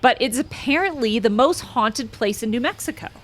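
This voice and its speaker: A woman hosting a podcast in casual chat, rambling and excitable with many fillers. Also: a little high, moderate pace. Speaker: podcast host.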